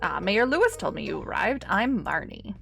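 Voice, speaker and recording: A woman's voice: medium pitch, sing-song, moderate pace, gravelly, a bit bright, faint music behind, exaggerated voice. A woman reading aloud the lines of a friendly woman rancher from a farming game. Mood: welcoming. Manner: plain read-aloud of game text.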